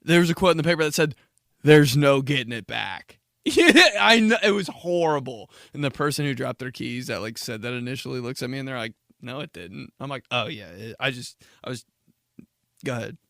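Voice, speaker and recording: A man's voice: medium pitch, animated, brisk, vocal fry, fairly bright tone, no echo, studio quality. A young man hosting a solo comedy podcast, rambling and swearing, laughing at himself and acting out dramatic reactions. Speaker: podcast host.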